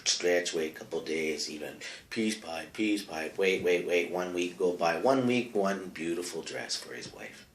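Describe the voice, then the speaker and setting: Rambling low-voiced man in an echoey room. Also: measured pace. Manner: rambling, broken grammar, frequent fillers. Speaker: comedic character host. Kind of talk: rambling comic monologue.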